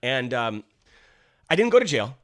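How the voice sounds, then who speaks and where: A young man co-hosting a podcast, telling a story in casual chat with an animated, laughing delivery. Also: medium pitch, measured pace. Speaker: podcast co-host.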